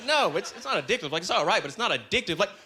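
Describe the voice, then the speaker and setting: Animated high-voiced Canadian comic. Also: male voice, racing, slight background noise. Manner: animated, jumps into loud high character voices. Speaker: stand-up comedian. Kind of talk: stand-up comedy set. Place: comedy club stage. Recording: live club with audience.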